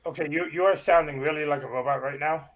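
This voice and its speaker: Brief: male co-host, slightly high voice, teasing and quick to laugh. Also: steady tone, crowd noise. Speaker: reaction show co-host. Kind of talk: casual banter.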